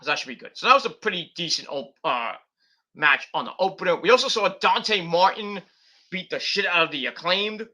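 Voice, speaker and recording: Guy doing a wrestling review, rambly with lots of ums, bright sharp voice. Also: high-pitched, lively intonation, fairly quick. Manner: rambling, with many fillers and restarts. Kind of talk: casual review monologue.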